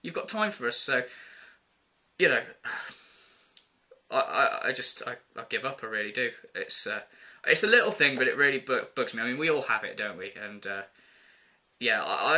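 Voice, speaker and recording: A man's voice: mid-range voice, expressive, moderate pace, bright, forceful tone. A man ranting casually to camera in a vlog, exasperated and rambling, with plenty of filler words. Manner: exasperated, rambling, quotes people in put-on voices. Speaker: vlogger.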